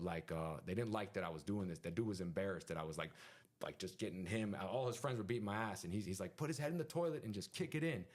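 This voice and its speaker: A man telling a story in casual conversation as a podcast guest, animated and full of sound effects and fillers. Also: low-pitched.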